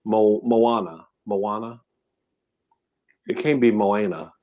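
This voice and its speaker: On the low side and taking it slowly, a mukbang host runs trivia on his live stream, reading questions aloud and joking casually with chat. The audio is lo-fi.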